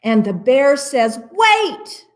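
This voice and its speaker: A woman takes a slow, medium-pitched approach to a rhyming picture book at library storytime. She reads with playful expression and pauses for asides about the illustrations on the pages.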